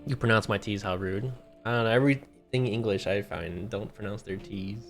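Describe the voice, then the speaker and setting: A man's voice: lowish voice, normal speed, faint music behind. A man streaming a video game, chatting casually and playfully with a friend on a call, laughing often. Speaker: gaming streamer. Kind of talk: casual chat while playing a game.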